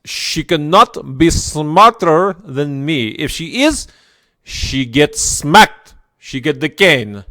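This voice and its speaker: A man voicing a domineering man who scolds an educated woman in loud, bullying broken English. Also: fairly high pitch, lively intonation, slow pace, no echo, studio quality, pitched above the performer's own voice, full character voice.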